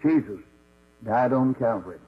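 A man's voice: mid-range voice, lively intonation, normal speed. A man preaching a folksy sermon as a Baptist preacher, telling Bible stories and acting out the voices in them. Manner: storytelling, acts out voices of God and Moses. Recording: dull lo-fi recording with mains hum.

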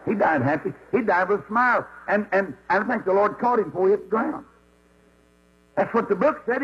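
A man's voice: high-pitched, lively intonation, a little fast, fairly bright tone, breathy edge. A man preaching a folksy sermon as a Baptist preacher, telling Bible stories and acting out the voices in them. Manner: storytelling, acts out voices of God and Moses. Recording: dull lo-fi recording with mains hum.

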